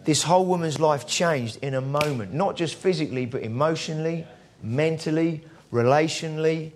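Speaking at a moderate pace in a voice on the high side, a preacher delivers his sermon as conversational storytelling, voicing the characters he quotes.

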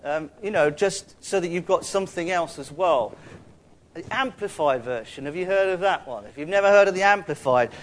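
A man's voice: high-pitched, moderate pace, a little hiss or hum. A man with a London accent giving a sermon in a chatty, conversational way, with asides to the congregation. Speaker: preacher.

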